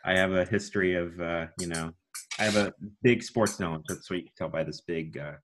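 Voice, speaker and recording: A young man with a notably deep, low baritone talks at length as a podcast guest. He rambles and pokes fun at himself, now and then breaking into a booming announcer style. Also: steady tone, brisk, background noise. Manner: rambling, self-deprecating, with sudden announcer-style bursts. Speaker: guest, student broadcaster. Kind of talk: casual podcast chat.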